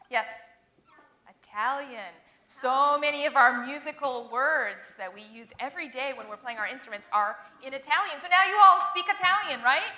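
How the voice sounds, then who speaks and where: A woman's voice: high voice, pushed and bright. A woman teaching music to children, quizzing the audience and encouraging their answers. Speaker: music educator.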